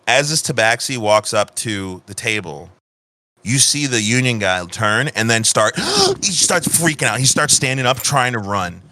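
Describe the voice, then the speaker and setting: Bright-voiced man running a tabletop game. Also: mid-range voice, big pitch swings, measured pace. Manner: loose, profane, restarts often. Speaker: game master.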